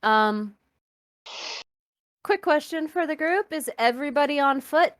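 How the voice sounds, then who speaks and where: A woman's voice: high voice, lively intonation, unhurried, no echo, studio quality. Upbeat woman player asking questions. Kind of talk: playing a tabletop game.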